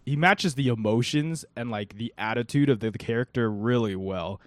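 A man's voice: medium pitch, normal speed, no echo. Young man, casual podcast chat, earnest, dry recording. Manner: earnest, many "like" fillers. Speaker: podcast co-host.

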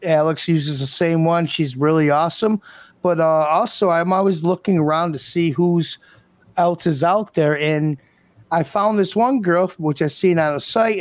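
A man co-hosting a casual podcast, talking in a halting, loose way full of fillers. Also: fairly high pitch, no room sound. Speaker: podcast co-host.

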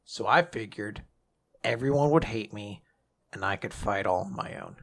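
A man voicing a remorseful male traitor who speaks in a low, subdued way while recounting a story. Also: expressive, normal speed, fairly bright tone. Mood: solemn, regretful. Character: remorseful male traitor swordsman, self-sacrificing.

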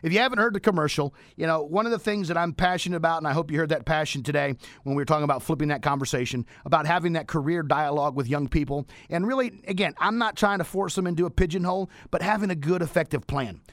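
An energetic male radio host with a fairly high voice delivers a motivational, preachy sign-off. His voice is recorded dry and close, with no room sound. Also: fast, few pauses, no echo. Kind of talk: upbeat radio show wrap-up and promotion.

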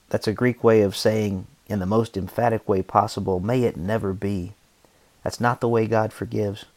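Earnest man reading a devotional, low voice. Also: dry recording. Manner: earnest, steady teaching delivery. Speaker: podcast host and songwriter. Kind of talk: reading aloud from his own devotional book.

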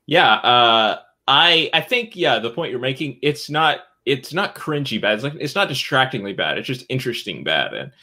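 A man co-hosting a casual film review chat, giving halting opinions full of fillers. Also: mid-range voice, sing-song, pushed and bright. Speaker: film review podcast co-host.

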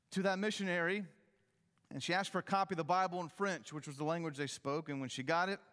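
Male pastor, sermon, emphatic rise and fall, slightly high voice, long hall reverb. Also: a bit bright. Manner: emphatic preaching, rising and falling in pitch.

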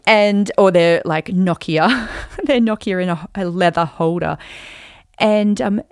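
A woman in her forties hosting a podcast, telling a personal story in an animated, chatty way with lots of fillers. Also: mid-range voice, slow, dry recording, clean studio sound. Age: 40s. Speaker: podcast host.

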